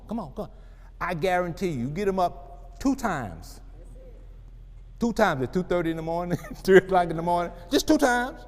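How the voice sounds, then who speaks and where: A man giving a humorous, preacher-like motivational talk to parents, calling out to the crowd. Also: high-pitched. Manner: humorous, animated, call-and-response. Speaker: parenting speaker at a family expo. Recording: reverberant hall.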